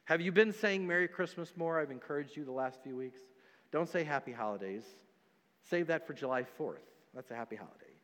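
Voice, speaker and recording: A pastor preaching a sermon, emphatic and repetitive, dropping to quiet stretches between louder ones. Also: male voice, fairly high pitch, lively intonation, fairly quick, in a large hall. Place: church sanctuary.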